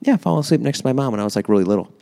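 A man's voice: mid-range voice, lively intonation, racing, creaky, warm tone. A man co-hosting a podcast in casual chat, asking questions and teasing his partner. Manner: teasing, asks lots of questions. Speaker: podcast co-host.

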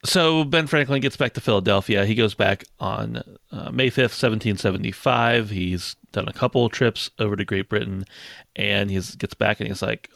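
A man's voice: fairly low pitch, moderate pace, creaky, fairly bright tone, no echo. A man co-hosting a casual history podcast, joking and acting out historical figures in silly voices. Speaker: podcast co-host.

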